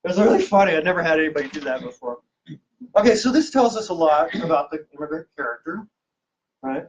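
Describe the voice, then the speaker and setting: A man giving a lively public lecture as an archivist, joking and quizzing his audience with questions. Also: fairly high pitch, quick pace. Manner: jokey, teasing, quizzes the audience. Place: event room with a live audience. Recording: distant, dull lo-fi room recording.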